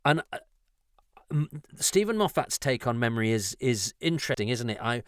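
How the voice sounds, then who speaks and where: A man's voice: mid-range voice, expressive, moderate pace, smooth, no room sound, studio quality. A middle-aged man hosting a podcast, talking in a thoughtful, digressive way with frequent restarts. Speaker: podcast host. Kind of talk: conversational podcast discussion.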